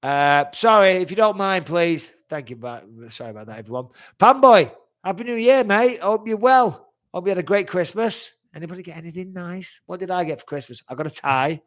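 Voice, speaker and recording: A man's voice: a little high, animated, a little fast, few pauses, fairly bright tone. Blunt, chatty man in his forties. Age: 40s. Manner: blunt, chatty, swears freely. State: recovering from a cold-like illness. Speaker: host of a live fan chat. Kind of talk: casual live chat answering fan questions.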